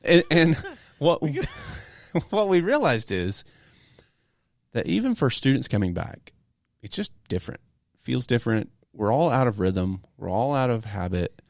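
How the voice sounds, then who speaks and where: A man co-hosting a youth ministry podcast, telling stories in a relaxed casual chat. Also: mid-range voice, unhurried, vocal fry, dry recording, studio quality. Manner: relaxed storytelling, easy laughs. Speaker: podcast co-host, youth pastor.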